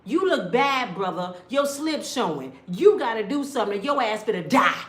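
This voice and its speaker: A middle-aged woman telling stories in a blunt, animated way, sometimes mimicking other people's voices. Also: fairly high pitch, moderate pace, roomy sound. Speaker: storyteller. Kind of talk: casual storytelling rant.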